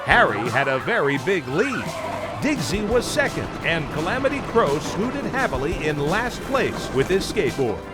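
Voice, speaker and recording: Man, children's storybook narrator, expressive, swooping pitch, music underneath. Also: normal speed. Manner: animated, expressive reading.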